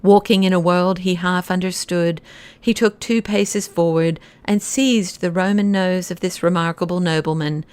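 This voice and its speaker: A woman giving a measured, expressive audiobook narration of a classic novel. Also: lowish voice, smooth, no echo.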